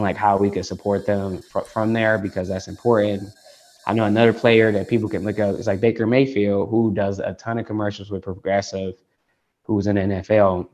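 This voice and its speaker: Heard through dull lo-fi call audio, a Detroit tech founder rambles through an interview, full of "like" and restarts. He's from Detroit in the United States, and his voice has a fairly low pitch and a darkish tone.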